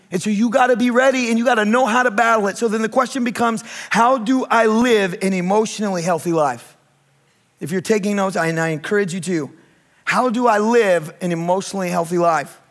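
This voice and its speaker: Animated high-voiced preacher man. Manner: animated preaching, rising to shouts; candid, self-deprecating personal story. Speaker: pastor. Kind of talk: sermon.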